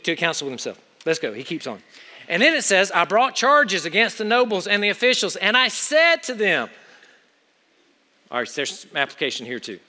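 A man preaching a sermon with urgent exhortation, swinging between loud pushes and quiet asides. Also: fairly high pitch. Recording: long hall reverb.

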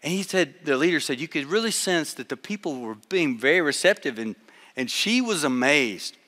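Male preacher, high voice, very bright tone, animated storytelling, long hall reverb. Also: normal speed. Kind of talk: sermon storytelling to a live audience.

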